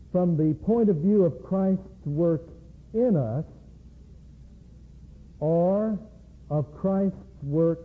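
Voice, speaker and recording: A man preaching an evening sermon in a slow, measured way, with deliberate emphasis. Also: on the high side, slightly rough. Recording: tinny phone-like lo-fi recording.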